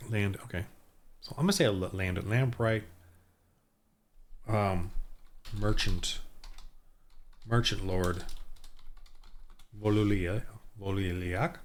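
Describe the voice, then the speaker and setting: A man with a fairly low voice talks to himself while he rolls dice and builds characters for a tabletop game. He mutters, stops halfway through words and starts again, and thinks everything through out loud. Typing on a keyboard is heard now and then. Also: slight background noise. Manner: muttering to himself, halting, many restarts. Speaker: solo tabletop game designer. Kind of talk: thinking aloud while rolling up town characters.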